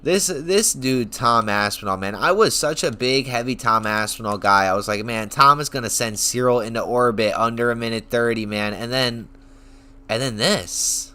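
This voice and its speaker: A man streaming a casual reaction rant, telling stories in an excitable, profane, rambling way. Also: medium pitch, normal speed. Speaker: online streamer.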